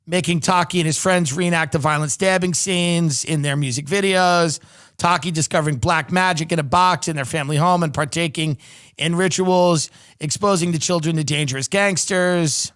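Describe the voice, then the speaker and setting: High bright-voiced sarcastic podcast host. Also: male voice, normal speed, clean tone. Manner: reads news aloud with sarcastic asides. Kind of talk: casual comedic commentary.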